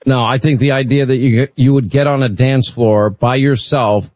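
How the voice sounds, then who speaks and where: A man's voice: mid-range voice, steady tone, normal speed, darkish tone, no room sound, poor audio. Blunt opinionated talk radio host, man. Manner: blunt, opinionated, bantering with callers.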